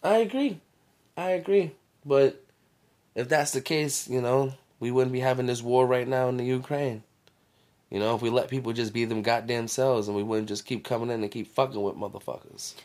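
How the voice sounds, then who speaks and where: Slangy, excitable man co-hosting. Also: mid-range voice, normal speed. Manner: loud, slangy, profane, excitable. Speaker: co-host. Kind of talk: casual reaction chat.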